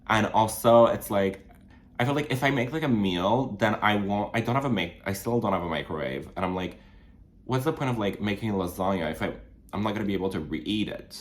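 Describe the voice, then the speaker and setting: A young man with a French Canadian accent, chatting casually to camera while doing makeup, rambling with lots of fillers and restarts. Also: brisk. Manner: rambling, many fillers and restarts, sudden jumps up in pitch. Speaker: vlogger. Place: small studio apartment.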